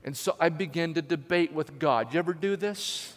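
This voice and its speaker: A man preaching a sermon as a lively story, acting out the people in it. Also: on the high side, moderate pace. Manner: animated, acts out voices. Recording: long hall reverb.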